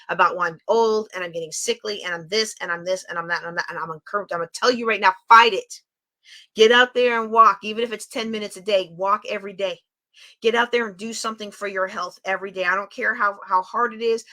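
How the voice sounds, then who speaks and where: A woman's voice: medium pitch, sharp tone. A woman co-hosting a talk show who speaks in an emphatic, motivational way. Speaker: podcast co-host. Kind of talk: casual chat.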